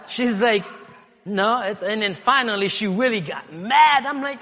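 A male pastor delivers a sermon in a loose, talky way and then climbs into forceful shouting. His voice sits very high and sounds sharp and bright. It rings through a reverberant church hall, and the recording is a little dull. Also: animated, a little slow. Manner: conversational preaching, rising to shouted exhortation. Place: church sanctuary.

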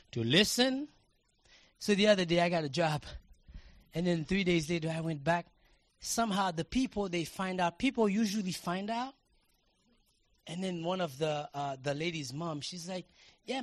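A man preaching a sermon, telling everyday stories in a casual way and building to passionate shouts. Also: fairly high pitch, no echo. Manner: conversational storytelling, rising to passionate shouting.

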